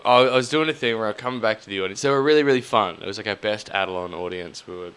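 A man's voice: lowish voice, very fast, smooth. A man, co-hosting a podcast and telling rambling, sweary stories in casual chat. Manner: storytelling, swearing, animated impressions. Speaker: podcast co-host.

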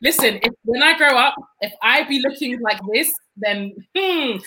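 A woman's voice: high-pitched, expressive, normal speed, background noise. A woman co-hosting a podcast, bantering in casual chat with a bubbly, laughing manner. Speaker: podcast co-host.

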